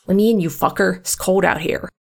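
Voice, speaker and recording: A woman doing a gruff, cursing male monster hunter. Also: fairly low pitch, a little fast. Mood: grumbling. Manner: curses constantly, blunt and grumbling. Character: gruff profane male monster hunter, grumpy but protective.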